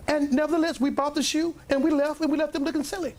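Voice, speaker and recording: An older man, a pastor telling a rambling, animated story in a sermon to his congregation, often clearing his throat and coughing. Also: very high voice, quick pace, hardly any pauses, slight background noise. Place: church meeting room with a congregation.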